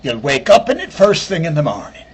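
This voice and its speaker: A man's voice: fairly high pitch, huge pitch swings, a little fast, husky, full character voice. A man voicing a cheeky little male leprechaun with an Irish accent, lilting, sly and boastful.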